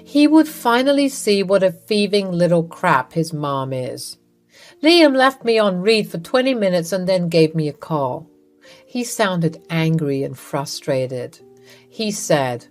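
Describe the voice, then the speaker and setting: A woman narrating a first-person drama story in an even, matter-of-fact way. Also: fairly low pitch, a little slow, faint music behind.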